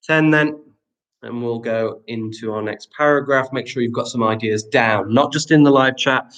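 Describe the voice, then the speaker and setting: A man's voice: medium pitch, moderate pace, a bit bright, rough recording. Encouraging male teacher. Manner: encouraging, reads pupils' sentences aloud and praises them. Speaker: primary school teacher. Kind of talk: live online lesson.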